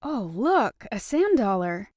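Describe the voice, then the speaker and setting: A woman's voice: medium pitch, moderate pace, dark tone, no room sound, clean studio sound, lightly acted. A woman voicing a playful, teasing young woman in a romance audiobook.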